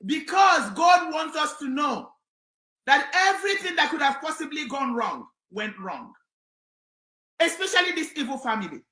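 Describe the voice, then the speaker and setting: A Nigerian woman holds forth on air with fervent, preacherly conviction, her high voice often rising to a shout. Her tone is bright and ringing. The recording carries a roomy echo. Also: big pitch swings, normal speed. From southeastern Nigeria. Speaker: commentator on air. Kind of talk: impassioned on-air commentary.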